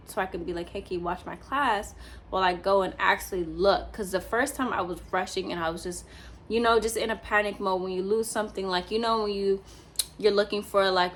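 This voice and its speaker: Young woman rambling thru a storytime vlog, lots of likes and restarts, mid pitch, bit of faint noise behind. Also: fairly bright tone. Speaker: teacher telling a personal story.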